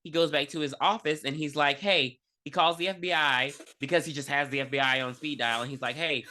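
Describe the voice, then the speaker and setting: A man co-hosting a movie-review podcast, recapping the plot with sarcastic jabs and plenty of swearing. His voice is bright and forceful. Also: a little high, steady tone, fast. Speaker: podcast co-host. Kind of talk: casual movie review chat.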